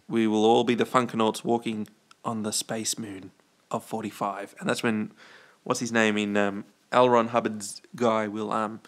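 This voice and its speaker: A man's voice: mid-range voice, fairly bright tone. A man from Australia hosting a live stream, chatting in a rambling, playful way, trailing off, restarting and reading out chat comments. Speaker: livestream host.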